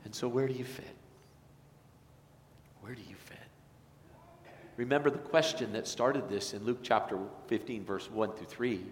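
A male pastor preaches with earnest, tender warmth at an ordinary mid pitch. His voice carries through a church sanctuary with a long, roomy reverb and a faint background hum. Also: brisk, few pauses. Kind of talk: sermon. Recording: echoey church hall, faint noise.

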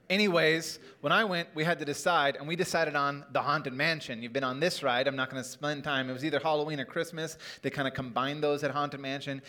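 A man's voice: on the high side, pushed and bright. Man preaching a conversational sermon. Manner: conversational, humorous storytelling. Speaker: pastor. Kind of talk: sermon with storytelling. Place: church auditorium.

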